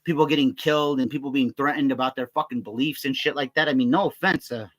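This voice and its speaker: Young adult male vlogger, mid-pitched voice, loose profane rant, slips into higher voices to act out others. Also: fast talker, a bit bright. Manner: profane, rambling, quotes others in raised voices. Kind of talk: casual rant to camera.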